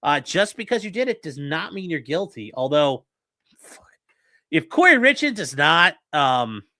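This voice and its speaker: A man's voice: fairly high pitch, big pitch swings, measured pace, sharp tone. A young man hosting a late-night livestream, joking crudely and reading chat messages aloud from home. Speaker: livestream host reacting to a trial.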